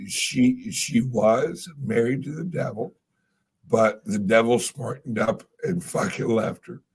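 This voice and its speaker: A man's voice: mid-range voice, slow, creaky, slightly rough. A man in casual chat, rambling through stories, trailing off and swearing casually. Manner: laid-back storytelling. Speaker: podcast co-host.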